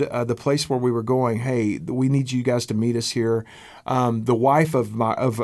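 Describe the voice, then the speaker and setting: A man's voice: mid-range voice, a little mellow. American pastor guy, middle-aged, earnest, lots of ums and restarts. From United States. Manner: earnest, halting with fillers and repeats. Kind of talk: interview storytelling.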